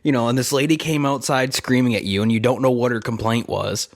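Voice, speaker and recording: A man's voice: mid-range voice, fairly even intonation, brisk. A man trading casual banter on a podcast, teasing the others and laughing easily at their stories. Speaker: podcast co-host.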